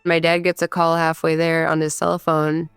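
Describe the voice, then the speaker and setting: Low-voiced woman telling her story. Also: monotone, normal speed, clear, resonant tone, dry recording, soft background music. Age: 30s. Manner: candid, conversational, frequent "like" fillers. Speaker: guest recounting her own story. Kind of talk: personal storytelling.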